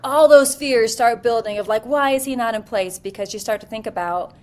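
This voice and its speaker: A woman in her forties, an interview guest who is a military leader, telling a candid story in a lively, self-deprecating way with many fillers. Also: a little high, brisk, few pauses.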